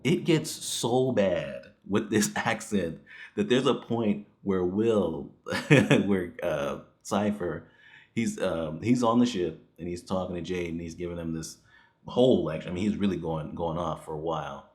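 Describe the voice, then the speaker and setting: A man's voice: low-pitched, measured pace, darkish tone. A man giving a casual spoken movie review, rambling and chuckling as he goes. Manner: rambling, with frequent chuckles and fillers.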